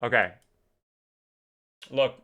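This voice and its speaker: A man's voice: drawn-out words, sharp tone. A young man giving casual, swear-heavy commentary while playing a video game. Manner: swears a lot, rants when angry. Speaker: gaming streamer.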